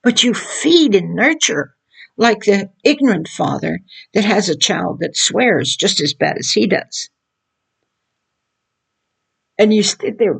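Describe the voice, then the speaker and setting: An older woman talks earnestly about raising children, returning again and again to the same points. Her voice is gravelly and husky, with a frayed edge. She speaks in the informal, preachy manner of a Christian teaching monologue. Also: mid-range voice, lively intonation, unhurried. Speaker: mother giving parenting advice.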